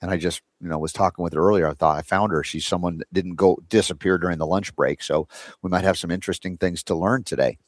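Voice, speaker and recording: A man's voice: sits low, fairly even intonation, quick pace, no room sound, clean studio sound. A man hosting a talk show, chatting casually and rambling with many fillers and restarts. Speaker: radio show host.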